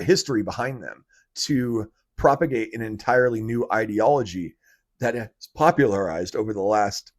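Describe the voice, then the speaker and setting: A man hosting his own political commentary vlog, talking in an animated rant that is full of fillers and restarts. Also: mid-range voice. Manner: animated ranting, heavy fillers. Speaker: channel host.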